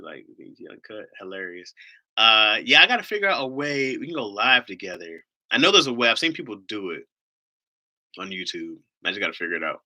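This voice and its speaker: A man's voice: on the low side, bright, forceful tone. A man from Ohio hosting a live stream, rambling in casual chat, joking and swearing freely.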